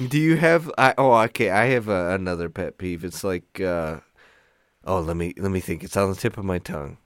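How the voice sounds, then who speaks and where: A man's voice: deep voice, normal speed, clean tone, no echo, studio quality. A young man, co-hosting a podcast in casual chat, telling stories with lots of fillers and frequent laughs. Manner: animated storytelling, laughs often, many "like" fillers. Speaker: podcast co-host. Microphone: studio microphone.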